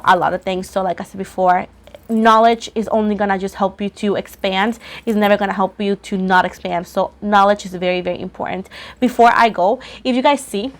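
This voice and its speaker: A woman casually chatting to viewers as the host of a tarot channel, rambling and often repeating herself, her voice a little rough from coughing. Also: medium pitch.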